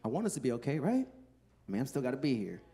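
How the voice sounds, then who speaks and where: On a club stage, a man in his thirties does stand-up into a handheld mic, his mid-range voice warm, sing-song and fast. He's loose and profane, chatting with the crowd and laughing at his own jokes.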